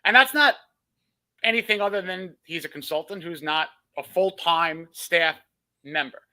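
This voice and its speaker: A man with a slightly high, bright, forceful voice co-hosts a casual sports podcast at normal speed, laying out his opinions in an analytical, hedging way. The recording is low quality.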